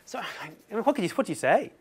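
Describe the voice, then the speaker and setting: A man's voice: high voice, fast talker, husky. Self-mocking man telling a story. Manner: lively, self-mocking, laughs through the story. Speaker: author giving a talk. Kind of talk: anecdotal storytelling presentation.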